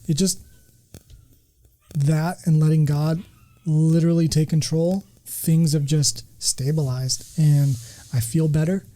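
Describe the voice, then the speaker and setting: A man's voice: on the high side, warm tone, low-quality recording. A man sharing earnestly and emphatically in a casual podcast chat, speaking in terms of faith. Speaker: podcast guest, returning regular.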